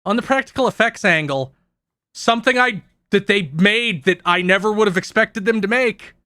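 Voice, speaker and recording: A man with a bright, fairly high voice chats on a podcast. He explains details with animated energy and casual swearing. The sound is dry and close to the mic. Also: moderate pace, dry recording. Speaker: podcast co-host.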